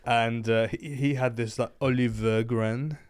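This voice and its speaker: A man, a comedian co-hosting a podcast, telling a story in casual comedic chat, animated and laughing often. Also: medium pitch, unhurried. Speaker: co-host, comedian.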